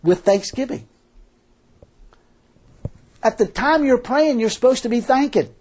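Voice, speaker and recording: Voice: medium pitch, lively intonation, unhurried, a little mellow. A preacher giving a sermon in a folksy, emphatic, colloquial way, full of rhetorical questions.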